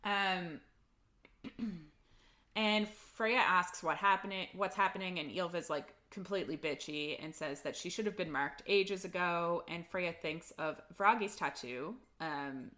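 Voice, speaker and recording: A woman's voice: fairly low pitch, pushed and bright. A woman co-hosting a casual book-club podcast, retelling the plot loosely, with lots of "like" and the odd swear. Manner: chatty recap with lots of "like" and swearing. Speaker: podcast co-host.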